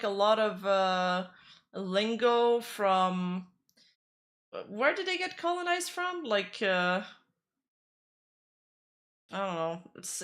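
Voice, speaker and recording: Bright-voiced woman streamer. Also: a little high. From Quebec, Canada. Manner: chatty, rambling, frequent "like" fillers. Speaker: streamer reacting to clips. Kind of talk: casual reaction chat.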